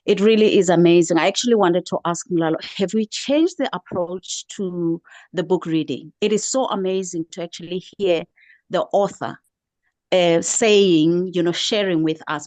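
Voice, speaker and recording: A woman's voice: on the low side, darkish tone, dry recording. Effusive, thankful older woman. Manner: effusive, thankful, repeats herself. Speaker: book club member. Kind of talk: online book club chat.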